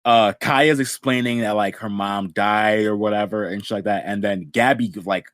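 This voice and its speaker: A man's voice: fairly low pitch, fairly even intonation, moderate pace, a bit bright, no room sound. Profane slangy man, dry sound. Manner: profane, slangy, heavy on "like" and "bro". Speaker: podcast co-host. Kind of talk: casual chat about an anime.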